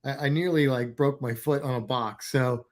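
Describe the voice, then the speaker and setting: A man's voice: mid-range voice, steady tone, normal speed, a little mellow. A man co-hosting a casual livestream, talking in rambling, self-interrupting bursts and joking around. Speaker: livestream co-host. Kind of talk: casual chat.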